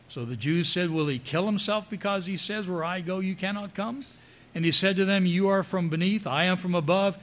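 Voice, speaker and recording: A man's voice: sits high, fairly bright tone. A man preaching a sermon, reading scripture verses aloud and commenting between them.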